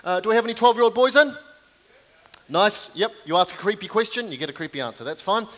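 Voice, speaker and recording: A young man with a New Zealand accent doing live stand-up comedy on stage, with self-deprecating, deadpan asides to the audience. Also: high-pitched, fast. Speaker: comedian and card manipulation performer.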